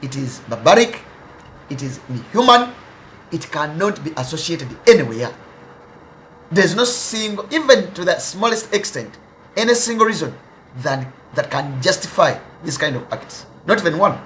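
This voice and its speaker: A man with a South African accent, speaking forcefully to the press, condemning violence. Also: a little high, big pitch swings, normal speed, a little hiss or hum. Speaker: politician. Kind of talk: speech to press.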